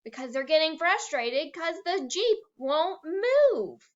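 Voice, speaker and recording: A woman's voice: sits high, slow. A woman teacher giving a recorded reading lesson for young children, acting out words as she goes. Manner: animated, acts out words. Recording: dull lo-fi recording.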